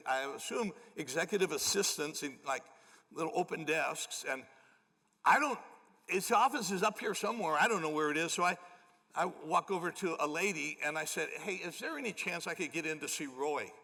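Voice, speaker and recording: Older male pastor, bright gravelly voice, animated self-deprecating storytelling, long church reverb. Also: a little high. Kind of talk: storytelling sermon. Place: large church auditorium.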